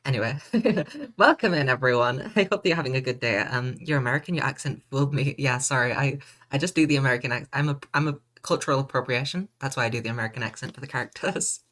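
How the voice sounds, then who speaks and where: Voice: medium pitch, quick pace, a bit bright. A casual live-stream voice, playful and chatty, that often breaks into laughter. The streamer reads viewer comments aloud and jokes back at them in a loose, offhand way. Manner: reads and answers chat comments. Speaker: game streamer greeting chat.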